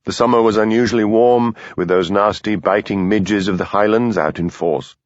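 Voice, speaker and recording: A man narrating an audiobook in a measured, expressive reading. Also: on the low side, dry recording. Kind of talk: scripted narration. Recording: dull lo-fi dry studio recording.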